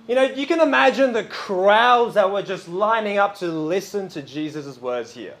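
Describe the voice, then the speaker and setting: Animated, high-voiced male preacher. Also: normal speed, hardly any pauses. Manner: lively and chatty, with many fillers. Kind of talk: sermon.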